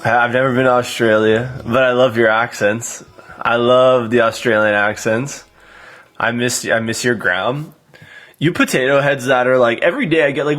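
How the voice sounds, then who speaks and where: A man's voice: mid-range voice, steady tone, moderate pace, fairly bright tone. Chatty man in his twenties, live streaming. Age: 20s. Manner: chatty, reads out and thanks viewers by name. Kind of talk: casual live stream chat.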